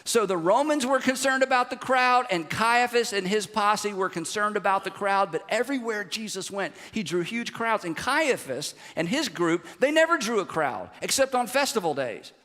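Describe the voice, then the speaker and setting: A man preaching a sermon, animated and conversational, throwing rhetorical questions to the congregation. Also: high voice, long reverb tail. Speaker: pastor. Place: large church sanctuary.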